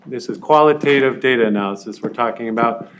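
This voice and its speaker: A man's voice: medium pitch, quick pace, a bit bright, a little hiss or hum. Guy lecturing a college class, laid back and chatty, kinda echoey room. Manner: conversational, uses plain examples and asides. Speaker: college instructor.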